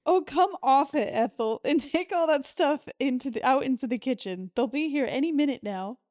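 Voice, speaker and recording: A brisk, bossy middle-aged manservant, as a woman reads him in a casual play read-through. The voice is high and bright and barely changed from her own. He hurries others along. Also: lively intonation, no echo, studio quality.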